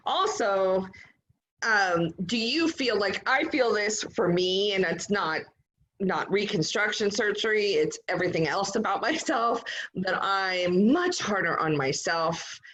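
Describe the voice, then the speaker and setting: A woman's voice: medium pitch, expressive, unhurried, fairly bright tone, poor audio. A woman hosts a casual interview in a mid-range voice. She muses on her own experience before turning it into a question for her guest. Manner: reflective, relatable, asks questions after personal asides. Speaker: host.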